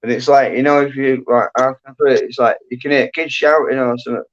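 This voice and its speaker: A chatty man talks at a middling pitch, rambling along with plenty of fillers. He is a casual livestream host speaking from home. The sound is dull and lo-fi. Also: steady tone, fast. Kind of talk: casual chat.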